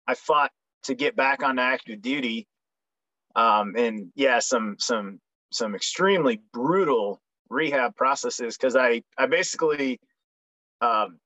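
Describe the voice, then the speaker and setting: With a pushed, bright voice at medium pitch, a young veteran talks through his story as an interview guest, joking candidly and restarting often between ums. It's casual storytelling, recorded dry and a little dull with no room sound.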